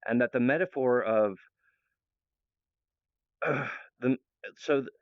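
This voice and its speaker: Young guy rambling on and on, laughs a lot, smooth voice, kinda muffled dry recording. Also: mid-range voice, takes it slowly, no echo. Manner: meandering, laughs often, many restarts. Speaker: channel host. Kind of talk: rambling monologue. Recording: dull, lo-fi, dry sound.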